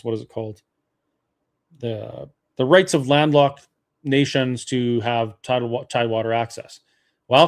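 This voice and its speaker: A man from Alberta hosting a webinar, arguing a political case point by point with frequent fillers and restarts. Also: mid-range voice. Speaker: webinar host. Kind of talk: persuasive political talk.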